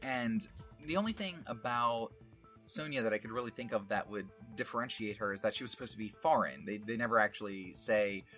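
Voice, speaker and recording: A man's voice: lowish voice, fairly quick, bright, forceful tone, faint music behind. A man voice actor talking casually about his past roles, rambling with many fillers and small laughs. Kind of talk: casual retrospective talk.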